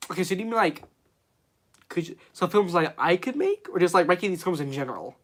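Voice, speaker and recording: A man hosting a relaxed live stream about movies, chatting off the cuff. He rambles, leans on fillers, and reads chat questions back aloud. His talk sounds unscripted and conversational throughout. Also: high voice, fast. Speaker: streamer host.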